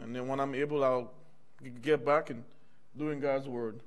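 A man's voice: medium pitch, fairly even intonation, moderate pace. A middle-aged male minister preaching in a church, conversational, often calling out "amen" and "y'all" to the congregation. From United States. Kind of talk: personal testimony sermon.

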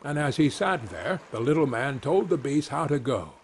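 A man reading a fairy tale aloud as a gentle, measured bedtime story. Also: on the high side, big pitch swings, slight background noise.

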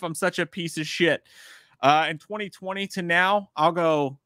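A man's voice: a little high, moderate pace, pushed and bright, dry recording, studio quality. A man co-hosting a casual livestream, swearing freely and rattling off answers in a frantic, self-deprecating way. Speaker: podcast co-host.

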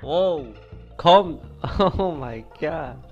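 A man with a somewhat high voice, heard through a dull, lo-fi recording. He speaks casually and teases, mocking the other person and breaking into laughter often. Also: lively intonation, very slow, faint music behind. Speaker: prank caller and channel host. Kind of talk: casual narration and teasing phone call.

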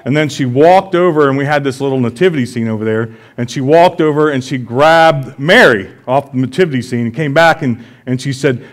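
A man's voice: mid-range voice, a little fast, hardly any pauses. A man with a Midwestern American accent preaching a sermon in a church, conversational and joking, often checking in with the congregation. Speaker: pastor. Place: church sanctuary.

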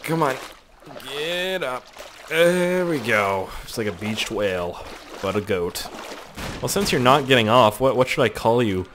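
Excitable, crude-talking game commentator. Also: male voice, medium pitch, a little slow, background noise. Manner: excitable, crude, swearing a lot, joking to himself. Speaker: gaming video host. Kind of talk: let's play commentary.

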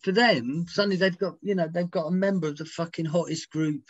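A middle-aged man on a video call, telling animated anecdotes as an interview guest, swearing casually and acting out quotes. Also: fairly high pitch, a little fast, dry recording, highs cut off. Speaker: interview guest, music writer.

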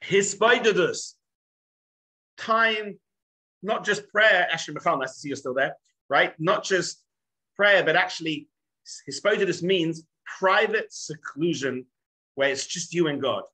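A man's voice: high voice, measured pace, long pauses, slightly rough, poor audio. A man, a rabbi, giving a storytelling lecture to a group, acting out the quotes in his stories and asking his listeners questions. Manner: animated storyteller, acts out quotes in dialogue; addresses listeners directly, asks the room questions.

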